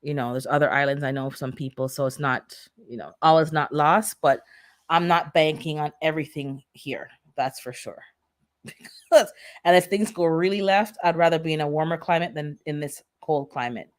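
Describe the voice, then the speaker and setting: A woman with a Jamaican accent chatting casually on a livestream, telling stories in a lively, chatty way. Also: low-pitched, moderate pace. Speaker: gardening channel host.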